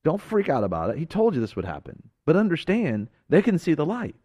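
A fervent male preacher on a talk show, his pitch leaping and falling with every point. He presses his words hard, then drops to a hush. The sound is dry and close. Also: wildly swooping pitch, a little fast, slightly rough, no room sound. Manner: fervent, emphatic, swinging from loud to hushed.

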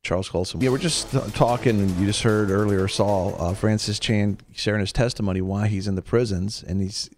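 A man with a fairly low voice hosts a faith talk show on the radio, speaking a little fast with hardly any pauses. He has a Southern American accent and chats casually, acting out the quotes in his stories like an animated storyteller.

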